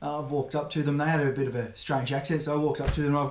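Man, Australian accent, middle-aged, builder host, relaxed explainer, jokey. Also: fairly high pitch, very fast, a little hiss or hum. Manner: laid-back, jokey, many fillers. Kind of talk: casual explainer walkthrough.

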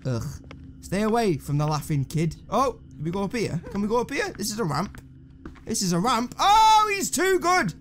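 A man's voice: high voice, animated, brisk, a little hiss or hum. Jumpy, swearing man gaming. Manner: jumpy, swearing, sarcastic running commentary. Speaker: gaming channel host. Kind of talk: let's play horror game commentary.

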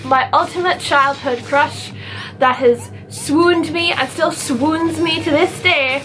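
A young woman with a fairly high voice gushes her way through a chatty vlog. She talks casually and excitedly, breaking into gasps and playful outrage. Soft music plays faintly underneath. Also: slow. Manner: gushing, animated fangirl talk with gasps and mock outrage. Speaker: vlogger.

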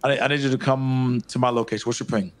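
A man's voice: medium pitch, fairly even intonation, quick pace, close to an everyday voice. A man playing a pushy male police officer on the phone who stammers and insists. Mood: insistent.

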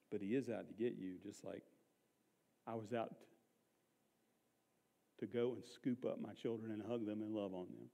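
A man's voice: mid-range voice, animated, fairly quick, long pauses, warm tone, big-room sound. A man preaching an Easter sermon to a congregation, conversational and emphatic, often asking the room questions. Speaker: pastor. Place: church service.

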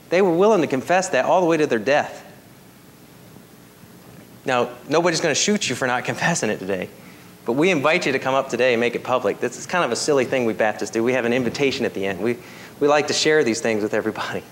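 A man preaching a sermon as pastor, swinging from emphatic high peaks to soft, quiet appeals. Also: animated, brisk, a little hiss or hum.

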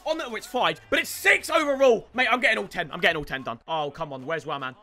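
A young man giving excited gameplay commentary, breaking into sudden shouts and repeating catchphrases. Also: high-pitched, fast. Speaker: gaming YouTuber.

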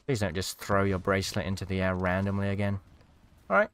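A man's voice: low voice, level tone, a little fast, fairly bright tone, clear, resonant tone. A man giving casual commentary over gameplay, cheering at the screen and mocking the players he watches. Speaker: gaming commentator.

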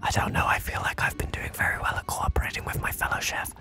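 A man's voice: fast talker, pushed and bright, faint music behind. A young man co-hosting a gaming video, whispering playful ASMR-style chat and repeating soothing phrases in jest. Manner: playful, repetitive, mock-soothing.

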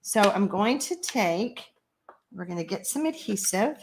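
A woman's voice: mid-range voice, animated, a little slow, a little hiss or hum. A Texan woman hosting a live card-making tutorial, chatty and folksy, laughing often and reading viewer comments aloud. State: allergies, watery eyes. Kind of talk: live stream craft tutorial.

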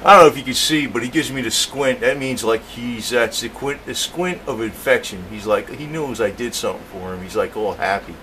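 A man's voice: mid-range voice, brisk, hardly any pauses, a little hiss or hum, low-quality recording. Rambling, swearing man talking to cats. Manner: rambling, profane, chatty, talks softly to his cats. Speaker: home DIY vlogger. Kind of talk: casual home video narration. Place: indoor home room.

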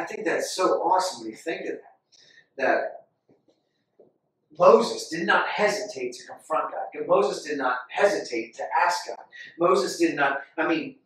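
A man preaching a sermon, impassioned and repetitive, rising loud when he reads scripture aloud. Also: on the high side. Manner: impassioned, repeats phrases, rises loud when reading scripture. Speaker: pastor. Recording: echoey hall, from far off.

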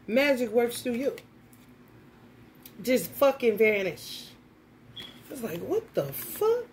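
A woman tarot reader telling a story in a casual vlog, animated and profane, often laughing. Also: on the high side, a little slow, a little hiss or hum.

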